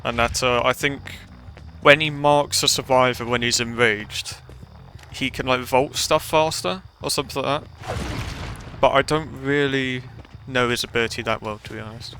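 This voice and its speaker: A man's voice: medium pitch, fairly even intonation, normal speed, pushed and bright, slight background noise. A man giving casual, rambling gameplay commentary with self-deprecating remarks. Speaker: gaming channel host.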